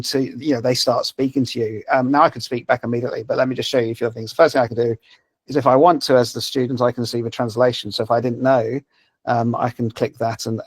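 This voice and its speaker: A man's voice: mid-range voice, dry recording. A man presenting a language-learning app in a live webinar, talking over a video call with many fillers and restarts. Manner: hesitant, many fillers and repeated words.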